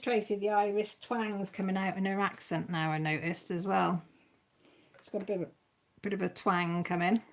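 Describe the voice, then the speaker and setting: On a crafting live stream at home, a woman with a medium-pitched voice chats casually to viewers by name, rambling from one thing to the next.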